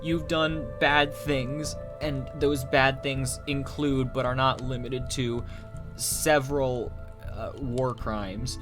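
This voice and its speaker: A man's voice: mid-range voice, fairly even intonation, slow, over music, natural voice. A man voicing a talking rainbow, mock-solemn and grandiose.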